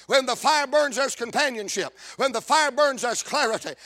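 A man with a very high, bright, ringing voice delivers a fiery sermon. He moves in rhythmic runs, drawing out phrases and rising into shouts. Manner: rhythmic, builds to shouting, drawn-out cadences. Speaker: preacher.

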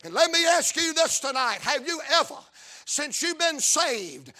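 A man with a South Carolina accent preaching a revival sermon, chanting, shouting and whooping, repeating his lines in rhythm. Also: extremely high pitch, lively intonation, normal speed.

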